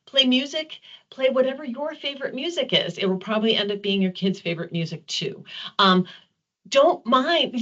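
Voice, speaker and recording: A woman's voice: mid-range voice, pushed and bright. A woman professor giving an enthusiastic webinar lecture, with frequent ums and restarts. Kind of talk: presentation lecture. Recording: slightly dull lo-fi webinar audio.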